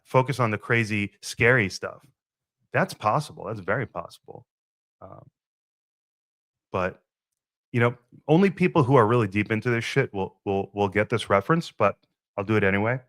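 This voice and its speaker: A man's voice: lowish voice, fairly bright tone, dry recording. A man hosting his own podcast, musing and rambling in a casual solo monologue and swearing freely. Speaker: podcast host.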